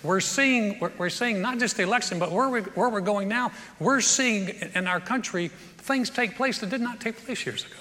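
A man preaching a sermon, telling stories with humor and starting sentences over in energetic bursts. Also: high-pitched, moderate pace, few pauses. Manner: energetic, stumbling restarts, humorous. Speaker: pastor. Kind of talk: sermon with storytelling. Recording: reverberant hall.

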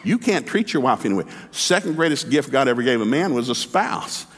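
A man's voice: medium pitch, very animated, a little fast, slightly rough. A man preaching a sermon in a folksy, humorous, emphatic way, acting out the dialogue of his stories. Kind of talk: lively sermon with storytelling. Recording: long hall reverb.

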